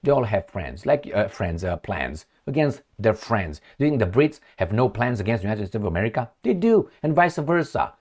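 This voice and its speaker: A middle-aged man talks through news articles in a loose, off-the-cuff way. His voice sits fairly low, and he often breaks into sarcastic asides. His speech is full of fillers and false starts. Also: very animated, brisk, hardly any pauses, darkish tone. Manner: sarcastic, rambling, many fillers and restarts. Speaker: political commentator. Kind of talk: off-the-cuff commentary reading news articles aloud.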